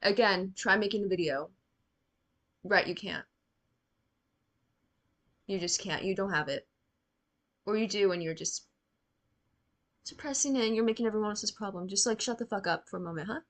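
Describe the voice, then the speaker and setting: A woman's voice: mid-range voice, moderate pace, long pauses. A young woman giving casual reaction commentary on a TV show, blunt and sarcastic, swearing freely and talking straight to the characters.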